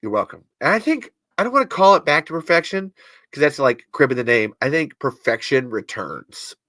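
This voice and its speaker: A man's voice: fairly high pitch, very animated, fast, pushed and bright, dry recording. A man from the American Midwest hosting a podcast livestream in casual chat, rambling, interrupting himself and swearing as he goes. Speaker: podcast host.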